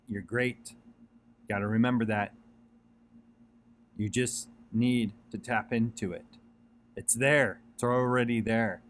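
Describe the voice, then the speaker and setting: A man's voice: medium pitch, a little hiss or hum. A man giving an earnest, rambling motivational talk, repeating himself and using many fillers and restarts. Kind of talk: casual motivational monologue.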